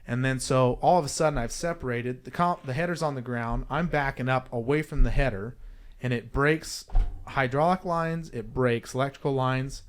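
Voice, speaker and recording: A young adult man appears as a podcast guest, telling a story in a casual, animated and rambling way while restarting and correcting himself. His voice is smooth and medium in pitch, with a moderate pace.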